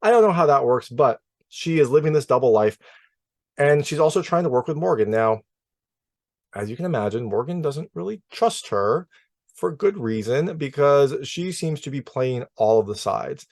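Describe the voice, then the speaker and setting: A man's voice: medium pitch, expressive, moderate pace, a little mellow, no echo. A man in a mid-range voice chats through his take on a film in a loose, conversational way. He leans on fillers and often restarts his sentences. The sound is close and dry. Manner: chatty, many fillers and restarts. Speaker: film reviewer. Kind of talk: casual spoken movie review.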